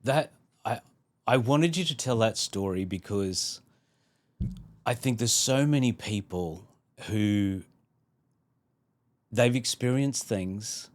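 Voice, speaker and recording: A man hosting a podcast interview, giving brief, unhurried affirmations before he leads into a new question. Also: fairly low pitch, animated. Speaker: podcast host.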